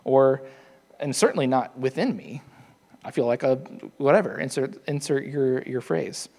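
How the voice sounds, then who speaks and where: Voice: mid-range voice, moderate pace, darkish tone. A preacher giving a sermon in a chatty, storytelling way with playful asides.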